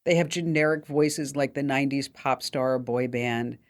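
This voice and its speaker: A woman's voice: a bass voice, moderate pace. A woman radio host gives tech tips in a casual, chatty way. She keeps her tone upbeat and loose and leans on plenty of fillers as she talks listeners through each tip. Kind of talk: casual call-in radio talk.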